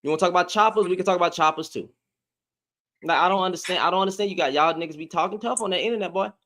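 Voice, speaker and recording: A man's voice: sits high, very fast, a bit bright. A man hosting a live audio debate, arguing heatedly and repeating his phrases over and over. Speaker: host.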